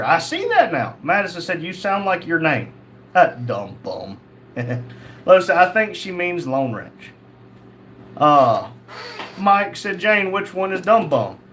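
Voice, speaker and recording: A man's voice: a little high, sing-song, takes it slowly, fairly bright tone, a little hiss or hum. A man hosting a casual livestream, reading chat comments aloud and answering them in a blunt, crude, joking way. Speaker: livestream host.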